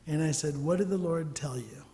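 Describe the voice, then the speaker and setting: A man's voice: on the high side, brisk, dark tone. Preaching man in a reverberant hall. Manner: storytelling preacher, acts out dialogue, drops to near whispers. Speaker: church elder teaching. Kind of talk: sermon. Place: church sanctuary. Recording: long reverb of a large hall.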